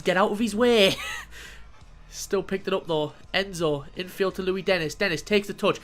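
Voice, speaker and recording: A man commentating on his own football video game match, swearing and flaring up at the play. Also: high-pitched. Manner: swearing, excitable outbursts at the game. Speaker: gaming YouTuber. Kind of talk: gameplay commentary.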